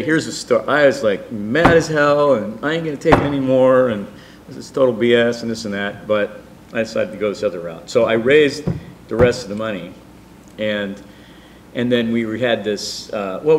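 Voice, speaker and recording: A middle-aged man telling a personal story in a rambling, animated way, with many fillers and restarts. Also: lowish voice, slight background noise. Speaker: storyteller guest.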